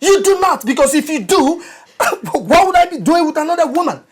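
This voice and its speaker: An actor playing an aggrieved jobless husband, loud and indignant, laughing in disbelief. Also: male voice, extremely high pitch, sing-song, moderate pace, background noise. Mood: defiant. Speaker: husband in a staged marital dispute.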